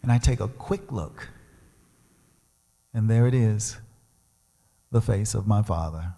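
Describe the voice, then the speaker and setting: In a large church sanctuary with long reverb, a male guest speaker and musician delivers a storytelling sermon, dramatically voicing the characters. He speaks in a lowish, mellow voice at a slow pace, pausing often.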